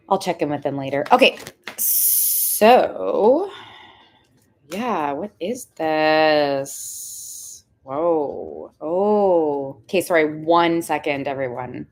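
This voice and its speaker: A young woman reading tarot on a livestream, chatting casually with viewers. She is excitable and says "like" a lot. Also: sits low, unhurried, slight background noise. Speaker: tarot reader hosting a livestream.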